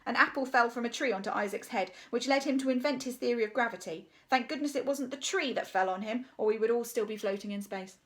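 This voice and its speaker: A woman's voice: fairly high pitch, quick pace, few pauses. A woman reading a children's story aloud, playful, adding spoken sound effects and asides.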